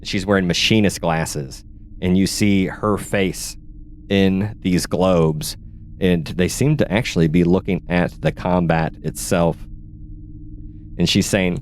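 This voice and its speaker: A man's voice: low-pitched, steady tone, slow pace, a little hiss or hum. A man narrating a tabletop game as game master, describing scenes in detail and searching aloud for words.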